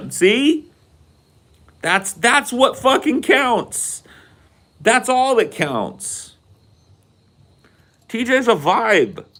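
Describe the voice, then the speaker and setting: A man's voice: extremely high pitch, big pitch swings, very slow, pauses often, pushed and bright. A man hosting a podcast, telling a rambling, profane story in casual chat. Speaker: podcast host.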